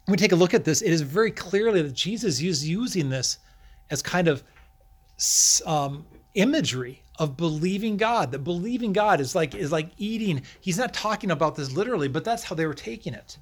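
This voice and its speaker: Middle-aged guy preaching in english, kinda high voice, fires questions at the crowd. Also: a little fast. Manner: animated preaching with rhetorical questions. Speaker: pastor. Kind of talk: sermon.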